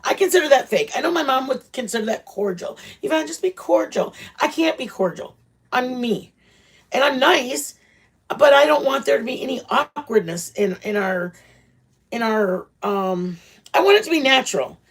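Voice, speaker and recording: Chatting casually with viewers on her livestream channel, a middle-aged host talks bluntly and wanders, restarting often and leaning on fillers. Her husky voice is high-pitched and lively in intonation, at a moderate pace.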